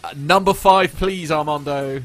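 A man's voice: on the high side, unhurried, faint music behind. A man hosting a casual podcast chat, joking and laughing as he leads the segment. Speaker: podcast host.

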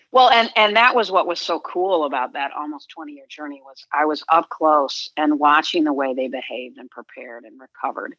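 Middle-aged woman, sports agent guest, bright lower voice, earnest and reflective, dull dry sound. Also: normal speed, no room sound. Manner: reflective, earnest, frequent restarts. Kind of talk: conversational interview.

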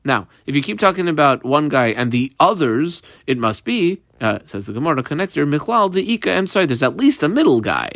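A man's voice: a little high, very animated, fairly quick, few pauses, a bit bright, no room sound, studio quality. A man teaching a Talmud page step by step, mixing Aramaic and Hebrew terms into plain English explanation. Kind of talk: page-by-page Talmud study lesson.

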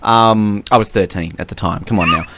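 A man's voice: on the low side, fairly quick, background noise. A man in his late twenties co-hosting a podcast, telling stories in a jokey way and laughing often. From Australia. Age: late 20s. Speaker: podcast co-host. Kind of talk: casual chat.

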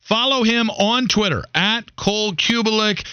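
A man's voice: high voice, a little slow, bright, forceful tone, clear, resonant tone, no echo. A man hosting a sports radio show in casual, joking banter, rambling and self-deprecating.

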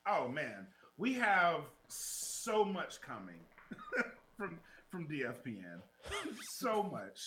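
A man co-hosting a casual podcast, excitable and quick to laugh, giving shout-outs. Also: on the high side. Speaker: podcast co-host. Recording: echoey room.

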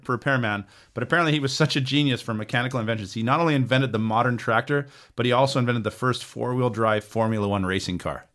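A man's voice: mid-range voice, a bit bright. A man co-hosting a podcast, reading through a list of facts in a casual, joking way. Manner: reads a list with jokes and stumbles. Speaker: podcast co-host, researcher.

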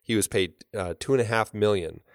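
A man's voice: on the low side, fairly quick, no room sound, clean studio sound. A man co-hosting a film podcast, talking casually and rambling, with many fillers and restarts. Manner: laughs easily. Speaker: podcast co-host.

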